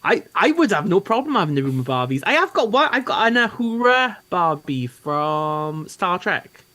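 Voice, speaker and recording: A man's voice: high-pitched, sing-song, normal speed, sharp tone. A man co-hosting a casual live chat, rambling with lots of fillers. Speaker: co-host guest.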